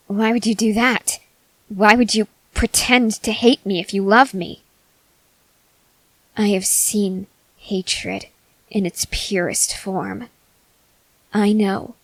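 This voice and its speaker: A woman voicing an arrogant, unhinged young male cult leader in a whispered role-play, slow and intense, swinging between whispers and sharp outbursts. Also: mid-range voice, gravelly, dry recording, rough recording. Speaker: ASMR voice actor.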